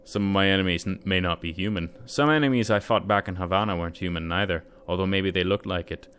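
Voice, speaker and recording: A man reading video game dialogue aloud as a sly, smooth-talking male Cuban mercenary with a put-on Spanish accent. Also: deep voice, quick pace, a bit bright, a little hiss or hum.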